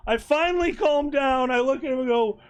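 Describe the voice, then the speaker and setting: Guy with a really high voice telling funny con stories, animated. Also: a little fast. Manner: animated storyteller, laughs through his story. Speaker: streamer telling convention stories. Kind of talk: casual chat on a charity stream.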